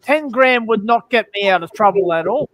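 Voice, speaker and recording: A man with a fairly high voice and a dry, close sound tells crude jokes at length. His storytelling rambles and takes its time. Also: expressive, normal speed, fairly bright tone, no echo, rough recording. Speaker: stream guest. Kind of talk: casual chat, crude joke telling.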